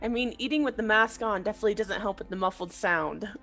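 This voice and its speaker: A woman's voice: medium pitch, quick pace, fairly bright tone, soft background music. A woman playing a tabletop game, teasing and giggly. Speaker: player.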